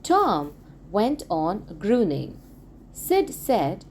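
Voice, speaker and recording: A woman reads a story aloud for schoolchildren, at an unhurried pace. Her pitch rises and falls in a lively way, and each phrase is clear and deliberate. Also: a little hiss or hum. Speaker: audiobook reader. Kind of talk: expressive read-aloud narration.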